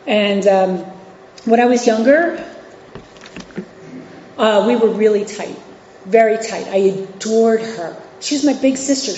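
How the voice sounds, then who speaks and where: This woman talks slowly with long pauses in a warm, mid-range voice, and there's slight background noise. A guest speaker in her forties from New York City and Virginia, she offers a candid, casual recovery share with frequent fillers and restarts. The meeting hall is echoey and the audio is dull and lo-fi.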